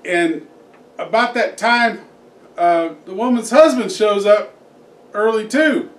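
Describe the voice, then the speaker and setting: A man's voice: sits high, takes it slowly. A man telling a joke in a rambling, folksy way, full of fillers. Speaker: joke teller, host. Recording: echoey room, distant mic.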